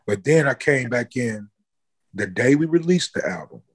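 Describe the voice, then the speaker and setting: A man talking in a relaxed interview, spinning a long story with lots of swearing. His voice leaps upward whenever he acts out a quote, then settles back to his easy, mid-pitched telling. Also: moderate pace, breathy edge. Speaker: interview guest, musician.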